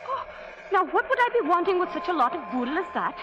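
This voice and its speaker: A woman's voice: very high-pitched, very animated, fast, muffled recording, exaggerated voice. A sweet naive Irish immigrant girl. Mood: naive, gentle. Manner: lilting, gentle, old-fashioned phrasing. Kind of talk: 1950s radio drama acting. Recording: old radio broadcast.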